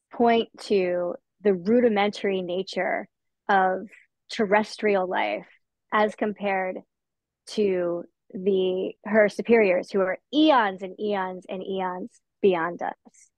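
A woman's voice: mid-range voice, dry recording. A woman author answering interview questions in a thoughtful, conversational way, sometimes restarting her words. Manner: thoughtful, with restarts and soft laughs.

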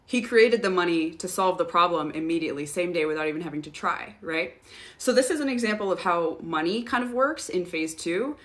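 A young woman talking casually on a livestream, answering viewer questions and telling stories. Her voice is bright and pushes forward, sitting slightly low in pitch. She swears freely and laughs often. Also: expressive, brisk.

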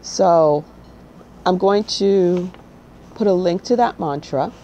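Woman, spiritual channel host, blunt and straight-talking, lowish pitch, mellow tone. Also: slow pace, muffled recording, a little hiss or hum. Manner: blunt, straight-talking, keeps asking "okay?". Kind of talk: casual spiritual talk to camera.

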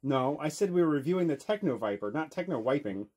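A man's voice: fairly high pitch, expressive, fast talker, darkish tone. A father and podcast co-host hosting a comic skit and figure review, with a playful, exasperated delivery.

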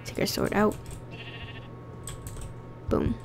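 A young woman with a cold, coughing and rough-voiced, chatting casually and getting easily exasperated while she plays. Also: sits high, unhurried, long pauses, a little mellow. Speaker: gaming channel host. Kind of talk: casual gameplay commentary.

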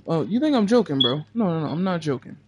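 A young man streams a video game, talking fast in a voice on the high side with big pitch swings, over some background noise. His casual chat is full of swearing, laughter and silly sung nonsense syllables.

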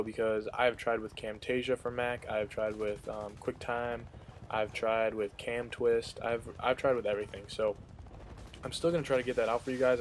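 A man's voice: fairly low pitch, slight background noise. A young man giving casual, rambling commentary over gameplay, with many fillers and restarts as he tells a story.

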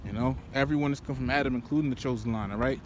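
A man's voice: medium pitch, rapid-fire, rough recording. A man preaching while walking outdoors, rambling and profane, padding his talk with "you know" and "man". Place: outdoors by a road. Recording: street traffic noise behind.

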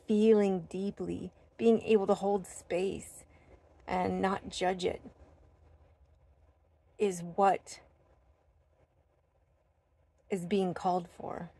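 A woman vlogger sharing a heartfelt spiritual talk, earnest and gentle, with many fillers and restarts. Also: medium pitch. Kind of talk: heartfelt personal talk to camera.

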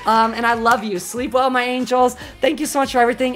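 A woman's voice: fairly high pitch, little pitch movement, quick pace, a crowd in the background. A woman streamer ending her live stream with a long, affectionate, rambling sign-off to her chat, swearing casually.

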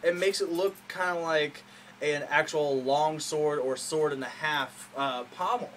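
A man with a slightly higher voice chats eagerly through a home show-and-tell video. He rambles, restarts and fills gaps with "uh" and "okay?". It is caught on a camera mic in a small room with faint hiss behind. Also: a little slow, fairly bright tone, poor audio. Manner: rambling, enthusiastic, many fillers. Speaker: hobbyist showing a custom saber. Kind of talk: casual show-and-tell vlog.

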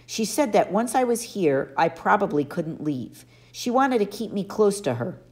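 A woman's voice: medium pitch, sing-song, normal speed, a little mellow, voice pushed up. A woman voicing an anxious, confused young boy who asks questions in a raised, nervous voice.

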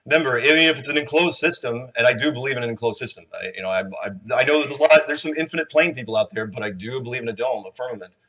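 A man at a conference fields questions from the audience, talking loosely and joking with the crowd. His voice is bright and forceful, at a middle pitch. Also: fast, few pauses. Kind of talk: live Q&A. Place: conference hall.

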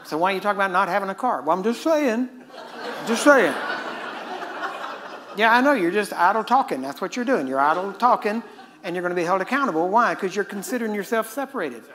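A man's voice: sits high, lively intonation, racing, pushed and bright. A middle-aged man preaching a sermon in a conversational way, often asking his listeners "Amen?" and acting out the voices he quotes. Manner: acts out quoted voices and chuckles mid-point.

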